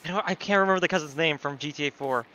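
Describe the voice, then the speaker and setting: A man's voice: a little high, rapid-fire. A man streaming a story game, commenting casually with jokes and profanity. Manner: joking, profane, animated.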